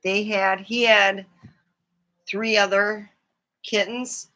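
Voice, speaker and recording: Slow, bright-voiced woman chatting about her cat. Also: mid-range voice, little pitch movement. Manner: rambling and affectionate, talking to her cat. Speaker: livestream host. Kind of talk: casual chat on a livestream.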